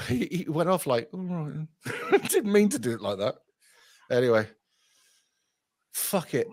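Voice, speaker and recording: Animated, sweary man hosting calls. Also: mid-range voice, unhurried. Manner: sweary, jokey banter. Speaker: stream host taking calls. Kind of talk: casual call-in chat.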